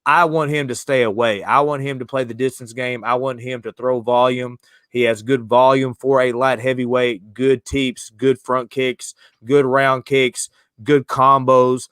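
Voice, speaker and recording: A man's voice: medium pitch, flat delivery, unhurried, fairly bright tone, clear, resonant tone, dry recording, clean studio sound. A man hosting a casual live-streamed sports podcast, loose and slangy, joking with his co-host.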